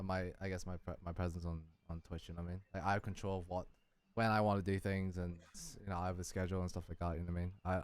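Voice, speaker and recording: A man's voice: sits low, smooth. A man hosting a casual chat, rambling and repeating himself, swearing and laughing often. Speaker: podcast host.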